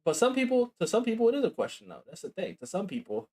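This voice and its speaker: A man's voice: high voice, wildly swooping pitch, quick pace, a little mellow. A man streamer reacting to a video, talking casually and bluntly with lots of swearing and "bro". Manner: casual, profane, says bro and like a lot.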